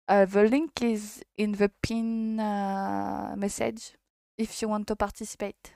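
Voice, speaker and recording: A French woman streaming and reading a visual novel aloud in English, hesitant and halting, often laughing between lines. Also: mid-range voice, little pitch movement, gravelly, warm tone, smooth, dry recording, studio quality. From France.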